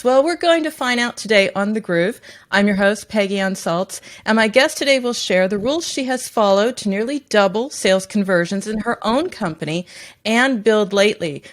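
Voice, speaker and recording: Woman, podcast host, measured polished delivery, scripted intro and questions. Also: mid-range voice.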